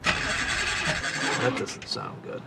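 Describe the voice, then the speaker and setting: An actor playing a calm man whose car won't start, speaking in a low, matter-of-fact way. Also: extremely slow. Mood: resigned. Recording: film clip from far off with loud engine noise.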